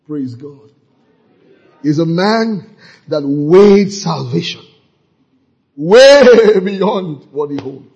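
A man preaching a sermon in church, calling out to the congregation and breaking into fervent shouts. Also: on the high side, expressive, slow, long pauses, slightly rough. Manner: fervent preaching with call-and-response, bursting into shouts. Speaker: pastor. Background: congregation responding.

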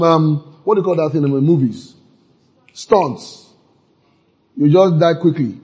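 Husky-voiced man preaching with rising emphasis. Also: on the high side, a little slow, darkish tone, muffled recording. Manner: questions the congregation and reads scripture aloud, rising to emphatic peaks. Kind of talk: call-and-response sermon.

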